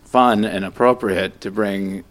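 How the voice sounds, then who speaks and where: A man's voice: lowish voice, steady tone, unhurried. A man co-hosting a podcast in casual chat, joking and rambling with restarts. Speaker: podcast co-host. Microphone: studio headphones and microphones.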